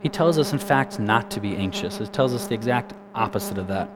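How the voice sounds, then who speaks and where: A man's voice: on the low side, expressive, brisk, background noise. A man giving a conversational sermon. He keeps asking his listeners questions and adds lots of casual asides. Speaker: preacher. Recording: music playing clearly behind.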